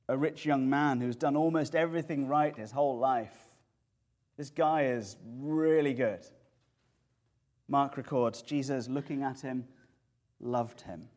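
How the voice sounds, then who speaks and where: A man preaching an expository sermon, lively and animated as he explains words and tells the story. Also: mid-range voice.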